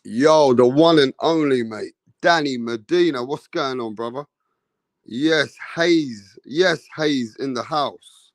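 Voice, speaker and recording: A man's voice: mid-range voice, slow pace, dry recording. A man hosting a casual boxing livestream, greeting viewers in the chat by name in slangy talk.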